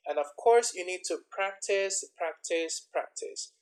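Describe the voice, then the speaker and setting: Man tutoring slowly with lively pitch. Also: vocal fry, poor audio. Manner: explains slowly, repeating example words with stress. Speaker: English exam tutor. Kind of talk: instructional lesson.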